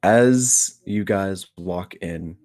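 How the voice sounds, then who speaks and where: Brief: low-voiced man running a tabletop game, unhurried and halting. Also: darkish tone. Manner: slow and halting, with many fillers. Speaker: game master.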